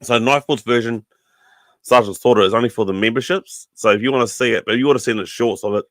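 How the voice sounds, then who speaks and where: A man's voice: mid-range voice, fairly even intonation, fast talker, a bit bright, no room sound. New Zealand man rambling on a livestream. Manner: rambling, full of ums, chummy with viewers. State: sore throat, coughing. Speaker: podcast host. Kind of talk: casual livestream chat.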